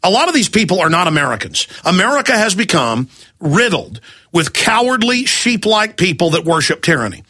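Guy ranting on his radio show, high bright voice, angry rapid-fire questions. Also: sing-song, breathy edge. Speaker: radio talk show host. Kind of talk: heated talk radio rant.

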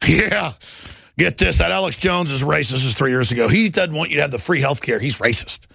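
A man hosting a political talk show, ranting sarcastically in rapid bursts. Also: a little high, gravelly, a bit bright, no echo. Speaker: talk radio host.

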